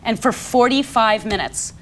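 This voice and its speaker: A woman guest on a talk show telling an animated, self-mocking anecdote. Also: a little high, unhurried. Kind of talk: casual anecdote.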